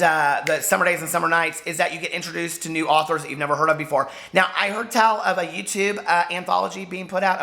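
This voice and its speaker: Gushy book vlogger guy, kinda hoarse, bright tense voice, rambling chat. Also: fairly high pitch. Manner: chatty and gushing, lots of fillers. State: hoarse, losing his voice. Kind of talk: casual chat to camera.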